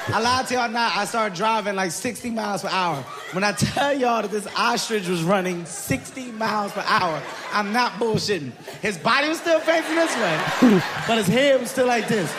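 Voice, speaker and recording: A man with a high voice tells an animated stand-up story, laughing as he goes. A live crowd and noise fill the recording behind him. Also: moderate pace. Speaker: stand-up comedian. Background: audience laughter.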